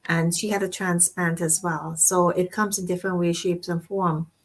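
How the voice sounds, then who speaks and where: A woman's voice: lowish voice, level tone, normal speed. A woman co-hosting a casual talk show, speaking effusively and rambling, with frequent restarts and rephrasings. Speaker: co-host.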